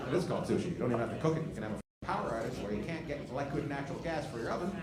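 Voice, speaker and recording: A male comedian doing crowd work on stage, teasing and profane, dropping to low mutters and then shouting. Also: expressive, rapid-fire. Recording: echoey club with loud crowd noise. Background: loud laughing audience.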